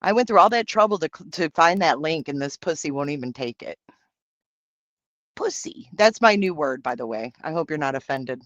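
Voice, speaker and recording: A man's voice: a little high, animated, a little fast, hardly any pauses, a bit bright, dry recording, lo-fi sound. A man hosting a livestream, reading out and answering viewer comments in brash, profane, campy banter. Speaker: livestream host.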